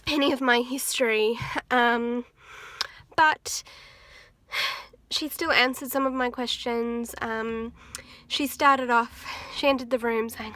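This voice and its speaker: A woman's voice: on the high side, steady tone, slow, a bit bright, dry recording. A young woman chatting casually to her camera while out and about, with music behind her. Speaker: vlogger. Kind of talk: casual vlog narration. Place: car and outdoors in the street.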